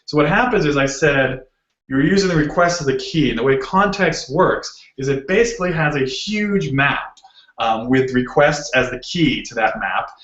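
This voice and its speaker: A man with a Boston accent talks through a technical topic in a loose, joking way, dropping plenty of ums. His voice sits at a middle pitch. It comes over a video call that sounds roomy and a little muffled. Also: normal speed, a bit bright. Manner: casual and joking, lots of ums. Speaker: guest speaker. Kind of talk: technical talk.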